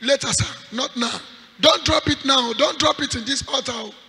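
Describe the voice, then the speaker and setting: A Nigerian pastor leading a fervent vigil, shouting prayer declarations and calling out for the congregation to answer back. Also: male voice, extremely high pitch, normal speed, slightly rough. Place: large church hall at a night vigil. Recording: reverberant church hall.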